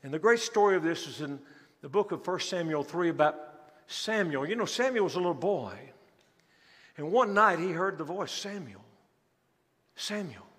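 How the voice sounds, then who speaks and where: A male pastor preaching a sermon in a church, speaking in an animated, emphatic way and acting out scripture scenes. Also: on the high side, moderate pace. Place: church sanctuary. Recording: long church hall reverb.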